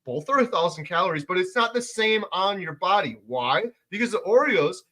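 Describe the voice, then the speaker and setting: Emphatic, bright-voiced male livestream host. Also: high-pitched, animated, a little fast. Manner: emphatic, gets loud when making a point. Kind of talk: casual livestream chat reading viewer comments.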